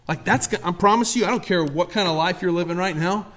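A man's voice: high voice, a little fast, a bit bright. A male pastor delivering a sermon with impassioned, emphatic preaching and repeated exhortations.

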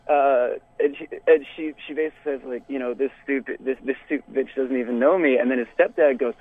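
Over tinny, phone-like audio that's otherwise dry, a young Texan man tells a story in relaxed podcast chat. His medium-pitched voice moves at normal speed, and he's animated, laughs often, and uses many fillers.

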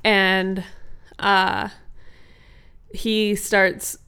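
A woman's voice: mid-range voice, flat delivery, extremely slow, sharp tone, clean tone. A woman co-hosting a podcast, casually improvising a bedtime story with a partner. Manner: casual, playful, trading lines with a partner. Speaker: podcast co-host.

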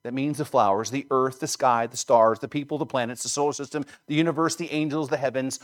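A man preaching a sermon, emphatic, building to loud stresses and then dropping low. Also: fairly quick, few pauses. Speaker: pastor.

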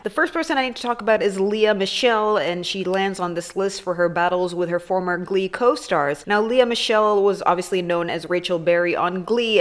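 Crude, sarcastic woman doing comedy commentary. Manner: animated, jumps into high squeaky asides.

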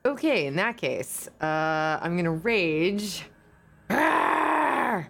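A woman player declares her moves in a low, gravelly voice. She speaks slowly and hesitantly, with fillers, over faint background music. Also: lively intonation. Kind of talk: playing a tabletop game.

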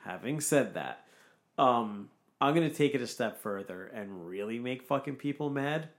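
A man's voice: mid-range voice, animated, normal speed. Profane ranting man, casual chat.

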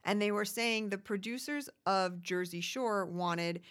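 A woman co-hosting a podcast, chatting casually and quickly about a reality show, swearing freely. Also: medium pitch, a bit bright. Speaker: podcast co-host.

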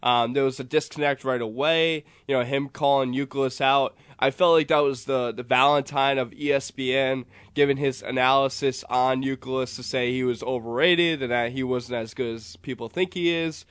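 A man's voice: medium pitch, fairly even intonation, moderate pace, few pauses, a bit bright, clean tone, no echo. A man with a New England accent co-hosting sports radio, making earnest points in plain talk. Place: radio studio. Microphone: studio microphone.

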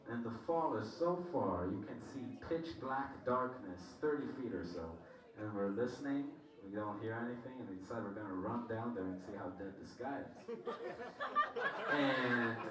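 A man in a band telling a joking story to the audience between songs, playing the people in it as he goes. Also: medium pitch. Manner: laid-back, joking, acts out quotes. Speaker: band member introducing a song. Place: large hall at a live concert. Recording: echoey live hall from far off. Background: crowd.

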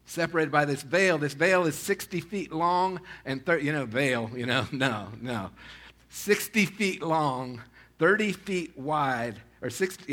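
Bright-voiced animated male pastor preaching. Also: on the high side. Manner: animated preaching, rising loud when addressing congregation by name; conversational with restarts and laughs. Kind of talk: sermon.

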